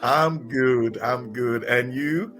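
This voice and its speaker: A man's voice: mid-range voice, slow, fairly bright tone, soft background music. A man from Nigeria hosting a podcast, chatty, often repeating and restarting his words. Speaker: podcast host. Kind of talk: casual interview podcast.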